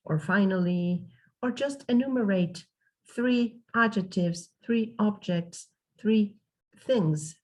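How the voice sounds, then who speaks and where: Husky-voiced woman teaching English. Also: fairly low pitch, dark tone, low-quality recording. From Mexico. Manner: explains step by step with spoken examples. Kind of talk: online language lesson.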